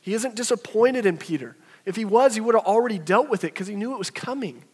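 A man in his thirties preaching a sermon. He talks in a conversational way, rising to animated bursts and dropping to soft, low passages. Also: fast talker, slightly rough. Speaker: pastor. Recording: long reverb of a hall.

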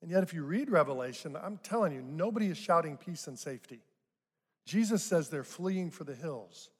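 A man's voice: fairly high pitch, lively intonation, fairly quick, breathy edge. An older man preaching a sermon as pastor, conversational, with rising emphatic bursts on key points. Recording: long hall reverb.

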